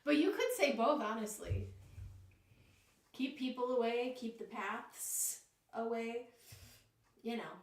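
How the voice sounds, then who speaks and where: A woman's voice: fairly high pitch, expressive, distant mic. A woman with a Northeast Ohio accent giving a live tarot reading, easygoing and full of fillers. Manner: slow and easygoing, many fillers. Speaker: tarot reader. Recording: echoey room, voice away from mic.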